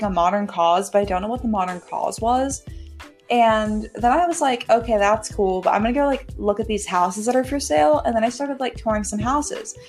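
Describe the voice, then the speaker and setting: A young woman co-hosting a podcast, casually retelling a long dream, full of "like" and quick asides. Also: medium pitch, darkish tone. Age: young adult. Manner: rambling storytelling with many "like"s. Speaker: podcast co-host. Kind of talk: casual chat.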